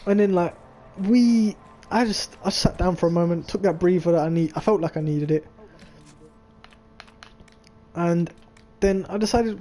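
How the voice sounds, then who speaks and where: A young man tells a long, meandering story in a casual chat. His voice sits a little high, and he swears freely, packing every sentence with filler words. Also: normal speed, dark tone. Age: 20s. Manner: rambling and profane, full of filler "like". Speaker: vlogger.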